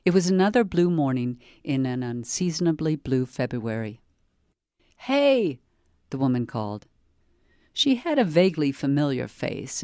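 A woman librarian reads the opening page of a novel aloud in a calm, measured way. Her voice sits low for a woman. The sound is dry and close, with almost no room echo. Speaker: librarian reading a book excerpt. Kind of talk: read-aloud book narration.

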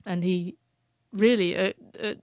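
A woman's voice: medium pitch, steady tone, unhurried, darkish tone, no echo, clean studio sound. Woman guest with a stutter. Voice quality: stutters, repeats sounds. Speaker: author, guest. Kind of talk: emotional personal storytelling.

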